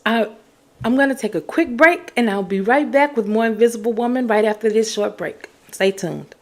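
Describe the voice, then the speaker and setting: A woman's voice: on the high side, normal speed, a little mellow. A woman hosting a podcast, talking in an emphatic, encouraging way and repeating her key phrases. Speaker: podcast host. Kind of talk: casual motivational talk.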